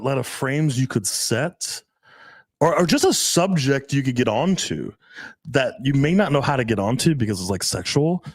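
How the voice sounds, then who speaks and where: A dating coach in his thirties tells crude stories in casual podcast conversation, acting out the dialogue with big swings in pitch. There is no room sound on the recording.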